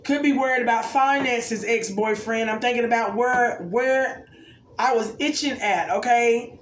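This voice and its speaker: A woman's voice: a little high, a little slow. A woman giving an intuitive oracle card reading to viewers, musing aloud and often asking "okay?". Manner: musing, exclamatory, keeps checking in with "okay?". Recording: roomy echo, faint background noise.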